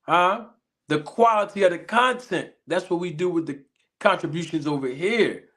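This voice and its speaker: A man from Philadelphia with a Philly accent hosts a casual livestream in a high voice, greeting viewers with drawn-out shout-outs and catchphrases while a little sick.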